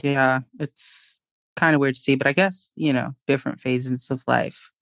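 A young woman chatting as a podcast guest, blunt and quick to laugh. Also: a bass voice, fairly even intonation, gravelly, no echo, studio quality. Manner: blunt, laughing, emphatic agreement. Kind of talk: casual chat.

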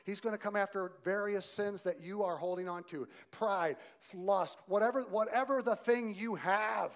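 A male pastor preaching a sermon, swinging from loud emphasis to quiet softness and asking the congregation direct questions. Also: sits high, moderate pace.

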